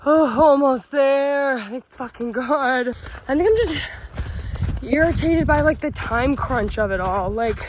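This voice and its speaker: Young woman solo hiker talking to a handheld camera, slightly high voice, winded and frustrated, faint outdoor noise. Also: slow pace. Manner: tired, frustrated, swearing, laughing it off. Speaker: solo backpacking vlogger. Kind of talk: casual vlog narration while hiking. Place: outdoors on a forest trail.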